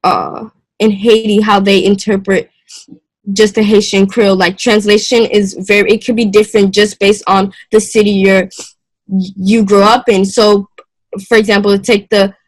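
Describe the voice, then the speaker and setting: Halting young woman, flat delivery. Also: medium pitch, dry recording, poor audio. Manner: hesitant, halting, with many fillers and restarts; clears her throat often. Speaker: student presenter. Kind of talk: class presentation.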